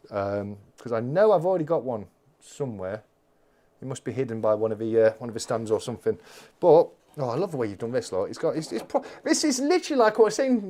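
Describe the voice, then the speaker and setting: Animated, gushing man. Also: mid-range voice. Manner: effusive, exclaiming and gushing. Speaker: channel host. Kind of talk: live-stream unboxing chat.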